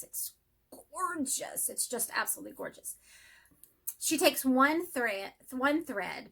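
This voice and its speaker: A woman chatting excitedly about her cross-stitch projects in a casual home vlog, speeding up when enthusiastic. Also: fairly high pitch. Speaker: cross-stitch vlogger and teacher. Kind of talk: casual show-and-tell vlog.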